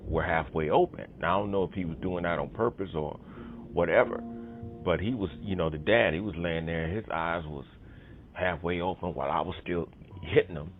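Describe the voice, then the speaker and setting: A man's voice: sits low, slight background noise. A man telling a personal story in casual conversation, rambling with many fillers and punchy sound effects. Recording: tinny phone-line audio with music behind.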